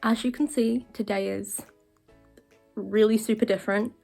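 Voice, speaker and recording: Excitable, rambling young woman vlogging. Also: medium pitch, moderate pace, gravelly, faint music behind. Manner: excitable, rambling, full of fillers. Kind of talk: casual rambling vlog. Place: her bedroom. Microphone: camera facing her.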